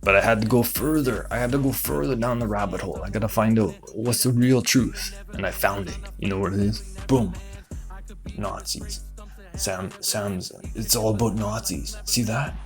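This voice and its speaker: A low-pitched man riffs through a rambling comedic conspiracy monologue, stacking fillers and asides while jumping into quick put-on voices for other people. Faint music plays underneath him. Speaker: comedy show host.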